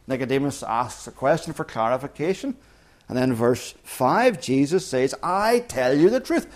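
A man's voice: medium pitch, animated, measured pace. A man preaching a sermon in an earnest, emphatic way, restarting phrases and hitting key words hard. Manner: earnest, emphatic, with frequent restarts and sudden loud stresses.

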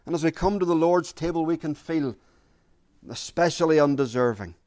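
A man preaching a sermon, earnest and deliberate, repeating key phrases for emphasis. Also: fairly high pitch, darkish tone.

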